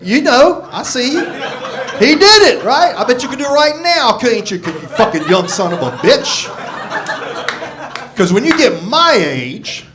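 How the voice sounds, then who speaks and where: A grumpy stand-up comedian in his sixties swears his way through a set on a club stage, holding a handheld mic. His voice is very high and very animated, yet he takes his time. The live club recording carries audience laughter.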